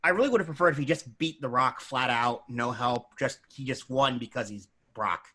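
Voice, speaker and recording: A man's voice: medium pitch, normal speed. A man co-hosting a podcast, chatting casually and hedging his opinions with "like.". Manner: animated, hedging with "like". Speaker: podcast co-host. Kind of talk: casual chat.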